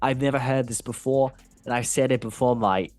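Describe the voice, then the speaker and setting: A gruff Australian football manager, as a podcast host puts him on in a loose, jokey mock accent. The voice stays close to the speaker's own mid-range tone, just a touch lower on the drawn-out words. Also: male voice, steady tone, darkish tone, soft background music, close to an everyday voice. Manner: playful imitation while reading quotes.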